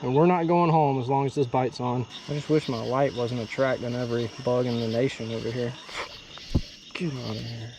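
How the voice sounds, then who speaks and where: A young man vlogging from a boat on a night fishing trip, excitedly exclaiming as he talks, with crickets behind him outdoors. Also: mid-range voice, moderate pace, background noise. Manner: excitable, exclaiming, breaks into whoops. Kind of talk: excited outdoor vlog commentary. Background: crickets and insects at night.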